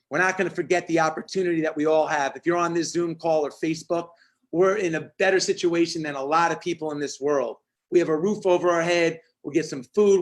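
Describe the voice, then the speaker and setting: Punchy motivational speaker, forties, high-pitched voice, lively storytelling on a call. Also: male voice. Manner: energetic, punchy storytelling with acted-out quotes. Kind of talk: storytelling talk on a video call.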